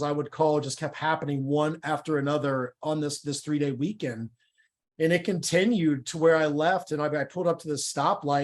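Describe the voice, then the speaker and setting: A middle-aged man with a fairly high voice tells his testimony in a church interview. He talks candidly and with feeling, tripping over words and starting sentences again. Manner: candid, emotional, stumbles and repeats words. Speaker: guest sharing his testimony.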